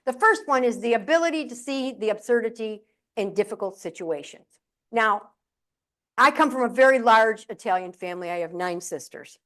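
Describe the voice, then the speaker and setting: A middle-aged woman with a fairly high voice delivering a comic keynote to a live audience. She tells lively anecdotes and jumps in and out of acted-out quotes. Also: normal speed. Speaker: keynote speaker and humorist. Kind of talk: humorous keynote storytelling. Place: live event venue.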